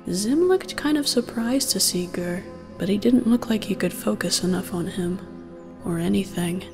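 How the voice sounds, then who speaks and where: A woman's voice: mid-range voice, animated, normal speed. A woman reading an audio fan fiction aloud in the first person, with a wry, sardonic storytelling manner. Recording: long reverb with faint music.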